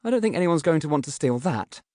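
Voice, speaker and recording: A man's voice: a little high, big pitch swings, fast talker, darkish tone, dry recording, pitched above the performer's own voice. A man voicing a harried young boy leading a team, talking in a dry, exasperated way.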